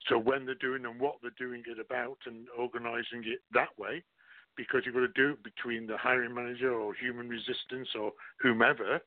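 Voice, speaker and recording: A man's voice: medium pitch, little pitch movement, fairly quick, no echo. A man who works as a recruiter, a guest on a talk show, explaining his approach through worked examples. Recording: tinny phone line.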